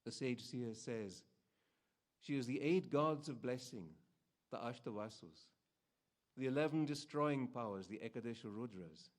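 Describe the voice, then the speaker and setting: Man reciting scripture slowly. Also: medium pitch. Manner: slow, measured, solemn reading. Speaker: reader at a devotional program.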